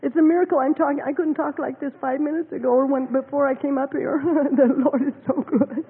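A woman's voice: sits high, steady tone, brisk. A woman giving an emotional church testimony, her voice often breaking with tears and laughter as she recovers from having lost her voice. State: recovering from voice loss. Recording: tinny lo-fi recording with long hall reverb.

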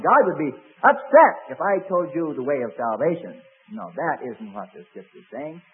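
A man's voice: sits high, phone-quality sound. A man preaching a sermon as pastor, telling stories with many fillers and acted quotes.

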